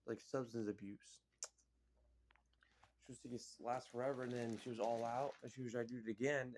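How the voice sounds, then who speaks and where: Rambling man recapping a film. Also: mid-range voice. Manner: rambling, filler-heavy, lots of "like" and "you know". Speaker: vlogger.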